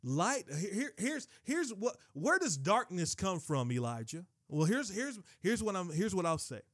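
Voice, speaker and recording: Guy preaching, kinda high voice for a man, keeps repeating himself for emphasis, dry close sound. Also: sing-song, normal speed, fairly bright tone, no room sound. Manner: emphatic, repeats and restarts phrases. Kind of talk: sermon teaching.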